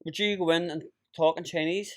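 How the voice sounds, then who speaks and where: A man's voice: on the high side, fairly even intonation, a little fast, a little hiss or hum. A man, co-hosting a podcast in casual chat, bantering, swearing and tripping over his words.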